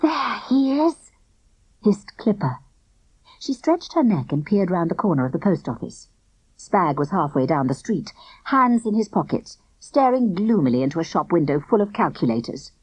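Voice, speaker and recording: Lively woman reading a children's book. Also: lowish voice, normal speed, breathy edge, no room sound, lo-fi sound. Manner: expressive, lively storytelling. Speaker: audiobook narrator. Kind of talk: scripted children's book narration.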